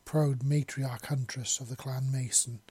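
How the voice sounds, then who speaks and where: A man voicing an earnest human man in a story reading, speaking in a formal, then soft, tender way. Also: medium pitch, steady tone, measured pace, breathy edge, no room sound. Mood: solemn.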